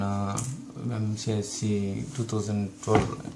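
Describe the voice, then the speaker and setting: A man's voice: on the low side, level tone, unhurried, over music. A man from India with an Indian English accent, giving advice to his viewers in a hesitant way with many fillers and restarts. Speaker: YouTube channel host. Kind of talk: casual advice talk to camera.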